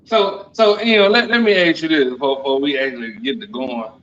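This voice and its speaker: A man's voice: on the high side, fairly quick, a bit bright, dull audio. A man hosting a casual group chat, teasing the others and stammering with repeated words.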